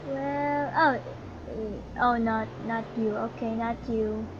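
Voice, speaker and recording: A woman's voice: fairly high pitch, fairly even intonation, slow pace. A young woman casually commenting on her own gameplay, chatty and exclamatory, calling out to other players. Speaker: gaming channel host. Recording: muffled lo-fi audio with noise.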